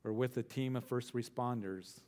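A middle-aged male pastor teaching a verse-by-verse sermon, earnest, repeating phrases for emphasis and slowing down on key words. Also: mid-range voice, steady tone, darkish tone.

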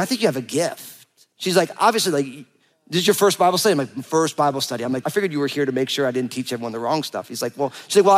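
Playful storytelling pastor, man. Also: a little high. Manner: animated, playful, acts out quoted dialogue. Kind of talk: storytelling sermon.

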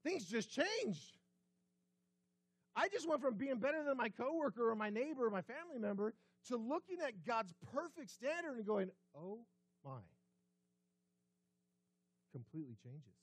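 Lively high-voiced preaching man. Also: normal speed, slightly rough, no room sound. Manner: conversational preaching with rhetorical questions, dropping to quiet emphasis. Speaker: pastor. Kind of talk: sermon. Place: church sanctuary.

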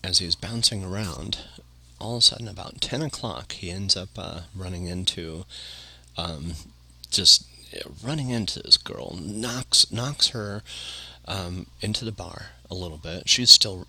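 Gravelly low-voiced man rambling through a story. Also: normal speed, bright, forceful tone. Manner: rambling, with frequent filler phrases. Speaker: podcast host. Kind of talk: casual anecdotal storytelling.

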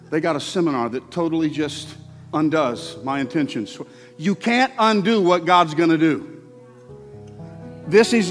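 A man preaching a sermon to his congregation, speaking conversationally and swinging between loud emphasis and soft, quiet asides. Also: a little high, long reverb tail. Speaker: pastor. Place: church sanctuary.

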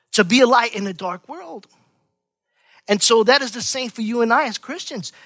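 Middle-aged male pastor, high bright voice, preaching with loud peaks and quiet asides. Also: no room sound. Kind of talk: sermon.

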